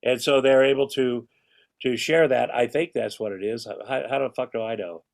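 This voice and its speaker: A man's voice: mid-range voice, fairly even intonation, moderate pace, creaky. A man in his sixties, a podcast guest, chatting casually and rambling with restarts and casual swearing. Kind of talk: casual chat.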